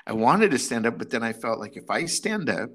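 A middle-aged man with a medium-pitched voice tells a story at a brisk pace in casual chat. He's an animated storyteller who acts out quotes, slipping into the voices of the people he's quoting.

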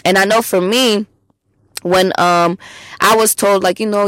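A woman hosting a solo podcast, talking bluntly and emphatically with lots of swearing, swinging between loud outbursts and low asides. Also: a little slow, no room sound. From immigrant to the US. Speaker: podcast host.

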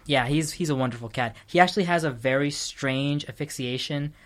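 A man's voice: fairly high pitch, fairly bright tone. A young man hosting a casual podcast, telling rambling stories with frequent laughter. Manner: rambling, laughs often, quick storytelling bursts. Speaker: podcast host.

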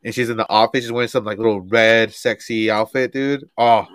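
A young man co-hosts a podcast, chatting casually with friends in a fairly low, brisk voice. He swears freely, laughs often, and tells stories with animated energy. The recording is dry.

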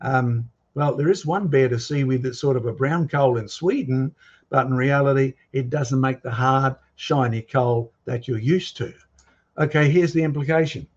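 Husky man lecturing with emphatic challenges. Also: mid-range voice, darkish tone, highs cut off. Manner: emphatic, throws rhetorical questions and challenges at the audience. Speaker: guest speaker on creation and fossils. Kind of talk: lecture with slides and audience questions.

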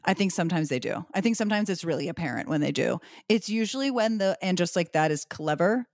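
A woman's voice: lowish voice, expressive, fast talker, a little mellow, no room sound, clean studio sound. A woman co-hosting a podcast, recapping a TV episode in a chatty, sarcastic way with lots of "like". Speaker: podcast co-host. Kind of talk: casual recap chat.

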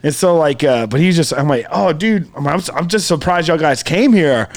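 An animated man co-hosting a podcast tells stories in casual chat, acting out quotes and swearing freely. His voice is on the high side and a little fast.

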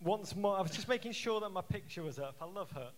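A man's voice: sits high, lively intonation, quick pace. A man co-hosting a live comedic show, playful and theatrical as he questions a guest. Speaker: co-host. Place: live stage before audience.

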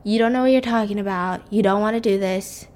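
A woman's voice: mid-range voice, fairly quick, lightly acted. A woman voicing an angry, arrogant male hospital boss who swears and berates a junior doctor. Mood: warning. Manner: swearing, shouting down.

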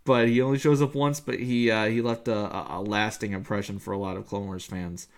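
A man's voice: fairly low pitch, little pitch movement, fairly quick. A man co-hosting a podcast, chatting casually and enthusiastically about an episode, full of fillers and restarts. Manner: enthusiastic, rambling with many fillers. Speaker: podcast co-host. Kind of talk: casual chat reviewing an episode.

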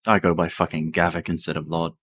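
A man running a tabletop game as game master, talking slowly and casually and swearing now and then. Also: low-pitched, slightly rough. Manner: slow, relaxed, swears casually.

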